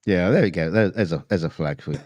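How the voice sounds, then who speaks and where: A man's voice: deep voice, quick pace, darkish tone, no room sound. A man co-hosting a live stream, rambling in casual chat and often repeating his words. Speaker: co-host.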